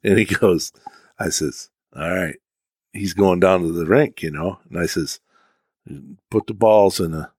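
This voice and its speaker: Brief: lower-pitched male co-host, dry mic, folksy interjections. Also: measured pace, a little mellow, breathy edge, dry recording. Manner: chimes in with short agreements and folksy retellings. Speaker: podcast co-host. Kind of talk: casual chat.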